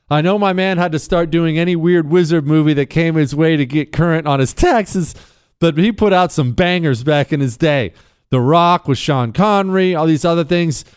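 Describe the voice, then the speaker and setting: Blunt, smooth-voiced talk radio host. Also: male voice, on the high side, no echo, studio quality. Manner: blunt, emphatic, repeats key points. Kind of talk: call-in advice talk show. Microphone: studio microphone.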